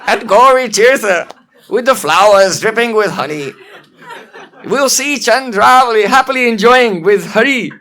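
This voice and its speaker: A man's voice: high-pitched, animated, unhurried, sharp tone, heavily acted. A man voicing a mischievous old female monkey who mimics others in a sing-song, giggling way, in a storytelling lesson. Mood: mocking.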